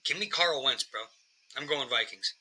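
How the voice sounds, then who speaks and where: Male podcast host, very bright voice, loose and profane sports banter. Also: mid-range voice, normal speed, husky, poor audio. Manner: profane, animated football picks.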